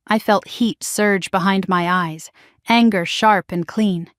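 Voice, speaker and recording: Woman narrator, scripted story reading, measured pace, dry studio sound. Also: medium pitch, no echo.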